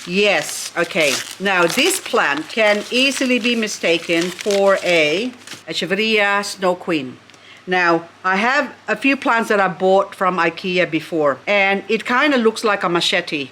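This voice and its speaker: A woman's voice: mid-range voice, lively intonation, measured pace, a bit bright, a little hiss or hum. Gushing woman chatting to her plants. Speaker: succulent vlogger. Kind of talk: casual unboxing chat.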